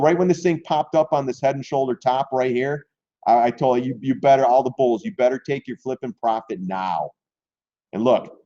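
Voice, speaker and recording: A man talks through stock charts on a live stream, blunt and excitable and quick to use crude slang. His voice is dark and mellow in tone. The audio sounds dull and lo-fi. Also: mid-range voice.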